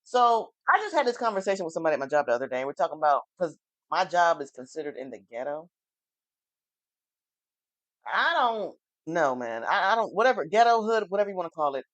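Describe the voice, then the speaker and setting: Woman co-host, wry laid-back chat, lively pitch, dry close sound. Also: quick pace, no echo. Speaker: podcast co-host. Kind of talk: casual chat.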